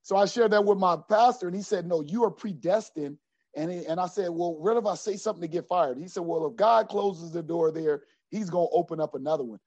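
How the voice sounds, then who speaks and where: A middle-aged man with a fairly high voice tells his story of faith with earnest feeling. He is lively at times, then drops to a low, quiet tone. The recording is dry and a little dull. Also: brisk, no echo. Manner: earnest and animated, often dropping to a low quiet voice. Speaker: basketball coach. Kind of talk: personal faith testimony in an interview. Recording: dry, slightly dull sound.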